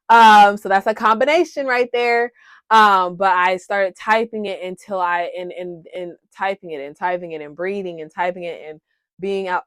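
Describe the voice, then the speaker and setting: Chatty woman, low voice, dry close sound. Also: a bit bright, dry recording. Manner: frequent "um", addresses viewers as "y'all", laughs at herself. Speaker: wellness vlogger sharing coping skills. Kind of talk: casual heartfelt talk to viewers.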